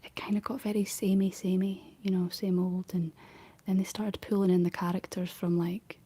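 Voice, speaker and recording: A Scottish woman whispering softly in a rambling ASMR chat, answering her livestream viewers. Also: fairly low pitch, level tone, moderate pace, breathy edge. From Scotland.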